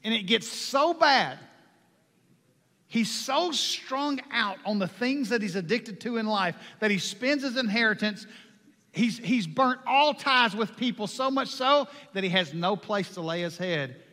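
A man preaching a sermon with passion, moving from hushed lines to loud ones. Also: sits high, lively intonation, unhurried. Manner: impassioned, swings from hushed to loud. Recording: long hall reverb.

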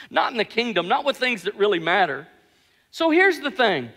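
Man, pastor, high voice, bright tone, animated sermon storytelling, self-mocking humor, long hall reverb. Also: normal speed.

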